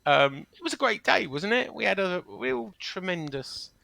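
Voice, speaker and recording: A man's voice: high voice, animated, normal speed, vocal fry, bright, forceful tone, no echo. A man hosting a podcast in casual chat, jokey and often stumbling over his words. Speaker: podcast host.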